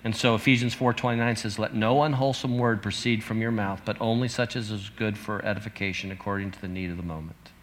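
A man's voice: lowish voice, steady tone, quick pace, hardly any pauses, a little hiss or hum. Earnest man in his fifties preaching. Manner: earnest, conversational preaching, reading scripture aloud. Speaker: pastor. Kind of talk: sermon.

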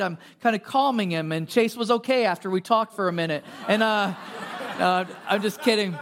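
Delivering a casual sermon at normal speed, a male pastor has a high, somewhat bright voice. He tells stories, uses filler words, and poses plenty of rhetorical questions.

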